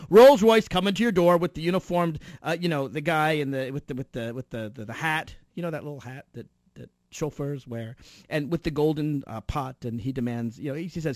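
A man giving a sarcastic political monologue that builds to loud outbursts. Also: fairly high pitch, brisk, no echo, clean studio sound. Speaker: political commentator. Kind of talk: animated satirical monologue.

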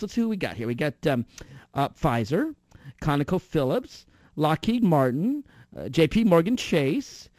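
A man giving a sarcastic political monologue that builds to loud outbursts. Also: fairly high pitch, sing-song, normal speed, dry recording, studio quality. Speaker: political commentator. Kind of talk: animated satirical monologue.

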